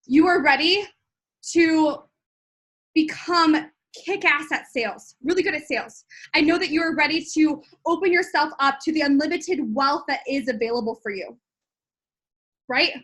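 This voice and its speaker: A woman in her twenties, a business coach talking excitedly to viewers in a live stream, gushing with lots of likes and ums. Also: high voice. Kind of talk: live-streamed sales talk.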